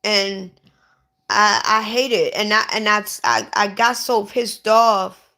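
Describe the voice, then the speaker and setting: Slow-talking sick woman, bright voice. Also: medium pitch, fairly even intonation. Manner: upset, repeats herself, restarts often. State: sick, lightheaded. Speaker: vlogger. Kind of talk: casual livestream talk.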